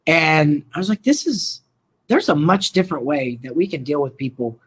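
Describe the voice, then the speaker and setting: This middle-aged man, a mental health worker from Colorado and Oklahoma, shares his story as an interview guest in a relaxed, rambling manner. His voice is fairly high, a little fast, and slightly rough, and he acts out the dialogue he quotes.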